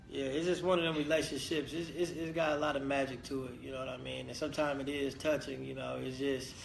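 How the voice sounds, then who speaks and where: A young man talking casually about his sister on a live stream, relaxed and teasing, often searching for words. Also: mid-range voice, creaky, echoey room. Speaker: guest, the host's brother. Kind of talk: casual chat.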